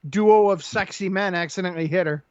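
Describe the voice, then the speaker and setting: A man co-hosting a casual wrestling talk show, excitable and loose, swearing casually. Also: high-pitched, fairly quick, smooth, no echo, lo-fi sound. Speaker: podcast co-host.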